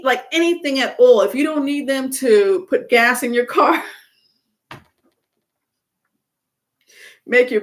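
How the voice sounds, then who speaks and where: A woman reads tarot on a casual live stream and talks right to her viewers. She is frank and chatty, and she drops curse words without a second thought. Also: on the high side. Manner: chatty and blunt, curses freely, laughs often. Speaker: tarot reader.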